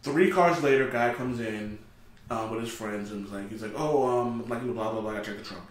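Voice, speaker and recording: A man hosting a casual podcast, telling stories in an animated way and acting out what people said. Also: mid-range voice, normal speed. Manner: animated storyteller, acts out dialogue, swears freely. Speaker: podcast host. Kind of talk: casual storytelling chat. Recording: very echoey room, a bit off mic.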